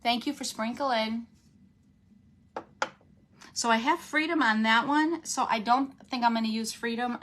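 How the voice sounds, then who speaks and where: A woman's voice: a little high, fairly bright tone. A woman with a runny nose, hosting a casual craft livestream, chatting with viewers as she works and laughing often.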